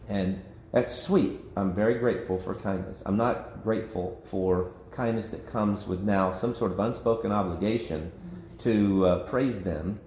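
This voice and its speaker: A man's voice: sits low, a little slow, hardly any pauses, a little mellow, roomy sound, slight background noise. A man leading an informal Bible study discussion as pastor, conversational and self-interrupting, often laughing. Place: church meeting room.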